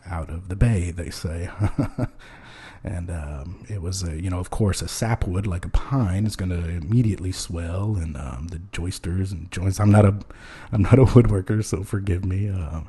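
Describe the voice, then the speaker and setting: A man hosting a loose comedy podcast, rambling deadpan with many hesitations and chuckling at his own jokes. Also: low voice, moderate pace, husky. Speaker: podcast host.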